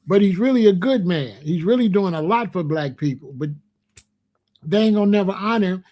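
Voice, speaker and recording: A man's voice: sits high, lively intonation, normal speed, darkish tone. A man giving opinionated commentary in a vlog, talking emphatically, repeating himself and using slang. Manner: emphatic, repetitive, slangy, preachy. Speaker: rap commentator.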